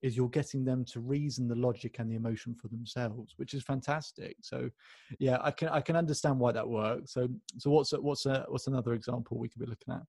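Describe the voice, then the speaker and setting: A man's voice: mid-range voice, fairly even intonation, fairly quick, darkish tone, slightly rough, dry recording. A man hosting a podcast interview, asking long, enthusiastic, rambling questions with many restarts. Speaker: podcast host.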